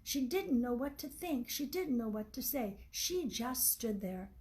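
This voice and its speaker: A woman author reading her own novel aloud in an unhurried, homey way. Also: fairly high pitch, lively intonation, a little mellow, low-quality recording.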